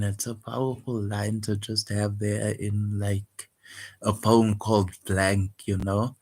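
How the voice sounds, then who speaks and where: A man talking casually and hesitantly about his own poem, full of fillers and restarts. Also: lowish voice. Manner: soft-spoken, wistful, guarded. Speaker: poet vlogger. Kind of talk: casual reflective monologue.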